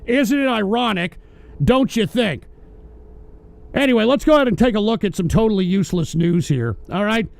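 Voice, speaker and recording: High-voiced man ranting angrily. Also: expressive, moderate pace, gravelly. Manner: angry, swearing, sarcastic. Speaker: host of a political call-in show. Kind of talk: profane political rant.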